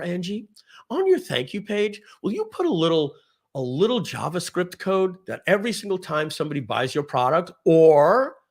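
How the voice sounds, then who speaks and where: A man putting on an exaggerated, deliberately poor Australian accent to play a chummy business mate coaxing someone for a favor, speaking soft and high. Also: full character voice.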